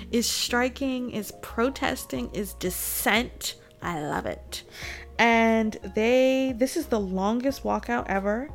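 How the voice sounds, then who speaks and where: A woman's voice: on the high side, slow pace, faint music behind. A woman giving casual, indignant political commentary straight to her viewers. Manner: indignant, addresses viewers directly, laughs between points.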